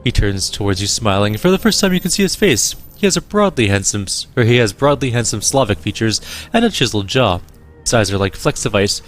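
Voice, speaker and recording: Low-voiced man reading game text. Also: fairly quick, faint music behind. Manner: steady, descriptive reading. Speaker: let's play host. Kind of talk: reading game narration aloud.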